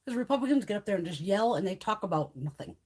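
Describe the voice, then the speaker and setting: A woman's voice: medium pitch, big pitch swings, fast, a little mellow, slightly rough. A woman hosting a casual livestream chat, ranting heatedly and swearing freely. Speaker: beauty vlogger hosting a livestream.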